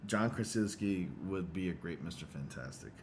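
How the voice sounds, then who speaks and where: A man hosting a casual livestream chat on a studio condenser mic, animated and laughing often. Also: low-pitched, normal speed, very noisy. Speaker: livestream host.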